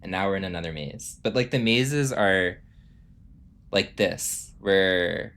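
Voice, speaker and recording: A man's voice: low voice, slow, gravelly, fairly bright tone. A man streaming a video game, chatting casually in a rambling, self-amused way full of fillers. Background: game music.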